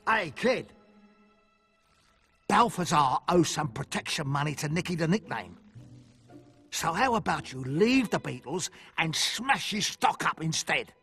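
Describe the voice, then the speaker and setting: A man's voice: on the high side, expressive, measured pace, pauses often, fairly bright tone, husky, faint music behind, full character voice. A man voicing a sly street thug in a video game who bullies kids into doing his dirty work. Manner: sly and bullying. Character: shifty male street thug collecting protection money.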